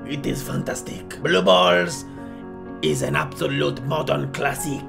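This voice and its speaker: A man's voice: fairly high pitch, unhurried, gravelly, faint music behind, heavily acted. A man voicing a boastful male French painter in an exaggerated fake French accent while commentating a game. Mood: pushy. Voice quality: exaggerated theatrical put-on voice, loud exclamations. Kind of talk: gaming commentary in character.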